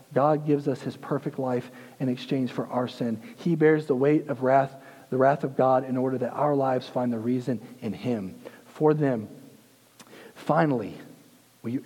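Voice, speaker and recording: A man in his thirties preaching a sermon, intense, moving between hushed and emphatic delivery. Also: medium pitch, slightly rough, long reverb tail, rough recording.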